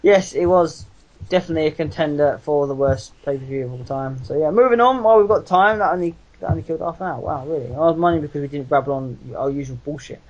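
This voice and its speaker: A man's voice: a little high, fast talker, dull audio. A young man co-hosting a casual wrestling podcast, rambling, swearing freely and restarting his sentences. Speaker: podcast co-host.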